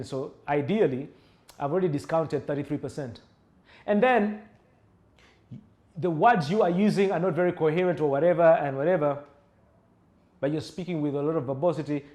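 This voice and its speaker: A young adult man, teaching public speaking in an animated lecture and acting out sample tones. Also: fairly high pitch. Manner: animated, acts out example voices and tones. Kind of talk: lecture-style speaking class.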